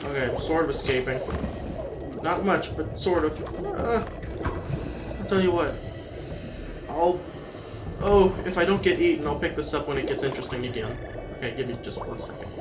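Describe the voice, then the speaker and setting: A man's voice: on the high side, normal speed, pauses often. Rambling gamer guy, roomy distant sound. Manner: chatty, rambling, excitable yelps when attacked. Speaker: let's-play host. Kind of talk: casual gameplay commentary. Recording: roomy, distant mic, game music behind. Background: game music.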